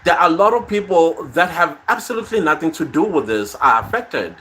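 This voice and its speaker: Bright-voiced man chatting on a live stream. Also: fairly high pitch, expressive, a little fast. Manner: conversational, reads viewer comments aloud, trails off softly. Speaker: podcast host reading live comments. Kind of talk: casual live-stream chat. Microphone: phone.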